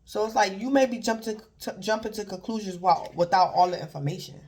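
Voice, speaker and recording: A woman's voice: mid-range voice, fast talker, a little mellow. A woman giving a casual tarot reading, rambling and repeating herself, filling gaps with "like" and little chuckles. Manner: rambling and repetitive, filler "like", chuckles; acts out imagined callers in brief quoted voices. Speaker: tarot reader.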